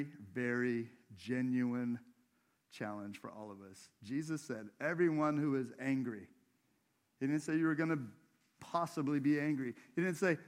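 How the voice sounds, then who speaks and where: Man preaching in a conversational way. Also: mid-range voice. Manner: conversational preaching, asks the congregation questions. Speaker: pastor. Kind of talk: sermon. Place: church.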